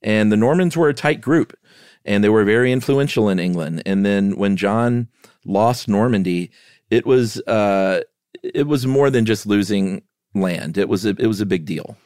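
A man co-hosting a podcast, explaining history in a relaxed way with playful asides. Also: lowish voice, moderate pace, dry recording, clean studio sound. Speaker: podcast co-host. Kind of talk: casual history chat.

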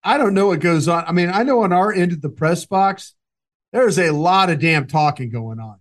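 A man chatting casually about football on a podcast, his voice sitting a little higher than most. He rambles and restarts often, circling back to his points. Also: expressive, slight background noise. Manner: rambling, halting, many restarts and fillers. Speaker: podcast co-host, football analyst. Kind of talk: casual sports talk.

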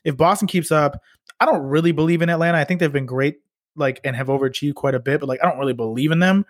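Fast-talking young man, casual sports chat. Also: on the high side, no echo, clean studio sound. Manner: fast, loose, swears casually. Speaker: podcast co-host.

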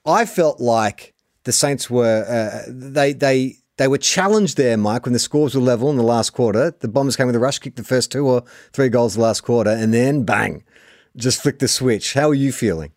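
A man's voice: mid-range voice, moderate pace, darkish tone, dry recording, studio quality. An Australian man in his forties hosting a casual sports podcast, telling stories animatedly and laughing often. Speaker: podcast host.

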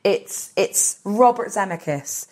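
A woman's voice: mid-range voice, lively intonation, slow, darkish tone. A woman comedian talking as a podcast guest, gushing about films and tripping over repeated words. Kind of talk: casual comedic interview.

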